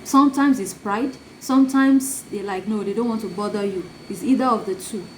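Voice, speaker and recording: A woman's voice: medium pitch, moderate pace. A woman giving a motivational talk, acting out little scenes of gossip as she teaches. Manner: animated, acts out gossip in asides. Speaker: life coach. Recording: echoey room, faint noise.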